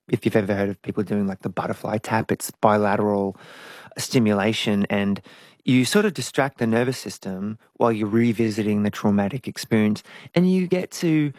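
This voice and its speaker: Gravelly, frank middle-aged woman. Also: very deep voice, no echo, clean studio sound. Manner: frank and reflective, animated at times. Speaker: interview guest, singer. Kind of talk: candid conversational interview.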